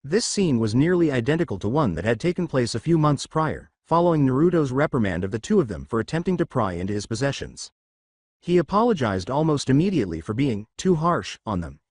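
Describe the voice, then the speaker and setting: Man narrating fan fiction, lively pitch. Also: dry recording, clean studio sound.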